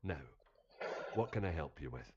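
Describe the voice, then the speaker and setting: An actor playing a polite, brisk butler in a mystery game. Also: male voice, deep voice, expressive, a little mellow. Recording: dull lo-fi game audio.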